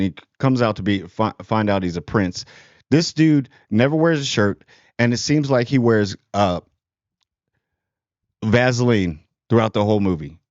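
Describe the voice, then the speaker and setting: A man's voice: lowish voice, darkish tone, dry recording, lo-fi sound. A man giving a casual, rambling movie review, sarcastic and full of fillers.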